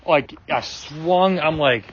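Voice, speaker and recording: A man's voice: fairly high pitch, slow, a little hiss or hum. A man telling a personal story in casual talk, loose and rambling, with many fillers and restarts and plenty of swearing. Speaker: guest sharing a personal story. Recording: dull lo-fi recording.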